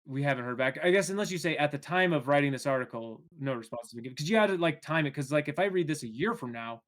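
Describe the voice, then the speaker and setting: A man's voice: a little high, expressive, fast, fairly bright tone. A man co-hosting a podcast in casual chat, joking and laughing often. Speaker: podcast co-host.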